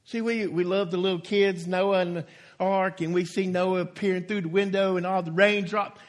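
A man's voice: high-pitched, steady tone, moderate pace. A man preaching a sermon as a pastor, folksy and emphatic, stretching out key words for stress.

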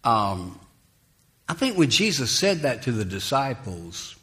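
A man's voice: mid-range voice, unhurried. A man preaching a sermon, emphatic and dramatic, voicing the people in the story as he retells it. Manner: lively, emphatic preaching, rising loud for quoted lines.

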